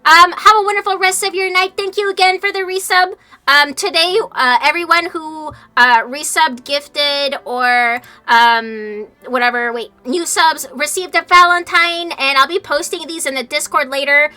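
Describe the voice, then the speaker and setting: A woman streamer chatting live over a game, animated and exasperated, swearing freely, at a desk mic with faint music behind. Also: high-pitched, moderate pace. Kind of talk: casual livestream chat over a game.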